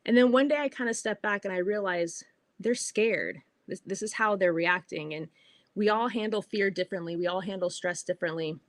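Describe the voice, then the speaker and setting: A bubbly, middle-aged woman hosting a podcast, telling a personal story in a casual, animated way. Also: medium pitch, brisk, dry recording. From California. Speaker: podcast host.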